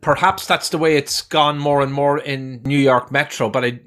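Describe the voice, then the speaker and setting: A man's voice: mid-range voice, fairly even intonation, normal speed, a bit bright. Man, podcast host, casual interview, reactive. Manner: reactive, lots of "oh" and "yeah".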